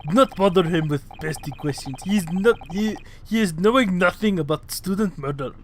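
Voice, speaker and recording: A man doing a slow, pompous Russian crewman. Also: high-pitched, slight background noise, lightly acted. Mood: condescending. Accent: put-on Russian. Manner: slow, loud, broken English, condescending. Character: gruff hostile male Russian ship crewman. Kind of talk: reading game dialogue aloud on a live stream.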